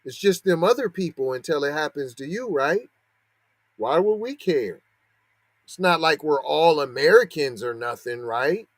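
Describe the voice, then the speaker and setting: A man's voice: a little high, lively intonation, measured pace, dry recording. A man hosting a podcast, giving heated, sarcastic commentary with a string of rhetorical questions. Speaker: podcast host. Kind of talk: heated commentary on a news story.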